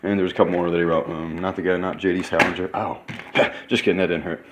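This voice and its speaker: A man in his thirties, excitable and rambling in a casual vlog monologue, sometimes talking while eating in a hotel room. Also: low voice, fast talker, background noise. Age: 30s. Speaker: vlogger.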